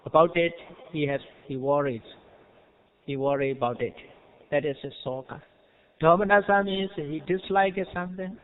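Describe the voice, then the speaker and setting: A Buddhist monk with a Burmese accent gives a lecture in plain, broken English, often asking his listeners whether they follow. His voice sits high and sounds smooth and resonant. The recording is narrow and tinny, like a phone line. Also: moderate pace, long pauses. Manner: simple non-native English, frequent rhetorical checks and soft chuckles. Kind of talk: dharma lecture.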